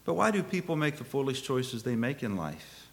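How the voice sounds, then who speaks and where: Animated preacher man telling a story. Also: medium pitch, moderate pace, creaky. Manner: storytelling, swings from hushed to loud exclaiming. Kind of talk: sermon.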